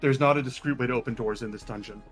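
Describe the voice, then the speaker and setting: A man running a tabletop game as game master, talking in a relaxed, rambling way with lots of ums. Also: medium pitch, racing, faint music behind.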